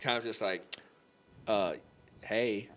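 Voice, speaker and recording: A young man telling an emotional faith story on a podcast, animated and full of "like" fillers. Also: a little high, a little fast. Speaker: podcast guest. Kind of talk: candid faith conversation.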